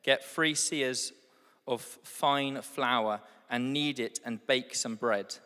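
A man reading the lines of a male patriarch offering hospitality, in a measured, earnest way. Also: medium pitch, pushed and bright. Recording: long hall reverb.

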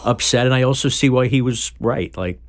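Quick-talking curious male interviewer. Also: medium pitch.

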